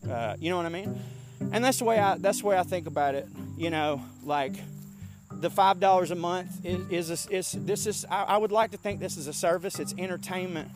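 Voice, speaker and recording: A man, hosting a casual podcast rant while walking outdoors, animated, profane and rambling. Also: high voice, a little fast, music in the background. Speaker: podcast host.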